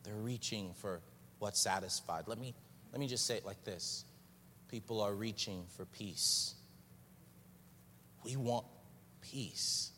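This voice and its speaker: Deep-voiced man preaching in a reverberant hall. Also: bright, forceful tone. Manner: earnest, unhurried preaching with pauses and repeated phrases. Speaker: pastor. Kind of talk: sermon. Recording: distant voice with long hall reverb, faint noise.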